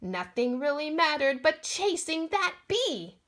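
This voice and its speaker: A woman reading a children's storybook aloud in an expressive manner, voicing the sound effects along the way. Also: high-pitched, measured pace.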